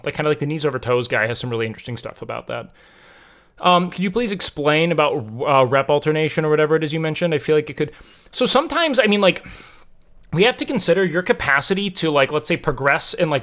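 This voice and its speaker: A young man with a somewhat high voice runs a live stream and answers viewers' questions about lifting. He explains things knowledgeably but rambles, packing his talk with "like" and restarted phrases. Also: a bit bright.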